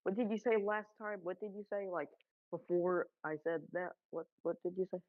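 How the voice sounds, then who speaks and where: A woman's voice: on the low side, steady tone, normal speed, no echo. Teasing woman on a muffled voice chat. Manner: teasing, playful. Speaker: friend on the stream call. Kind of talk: casual voice chat banter.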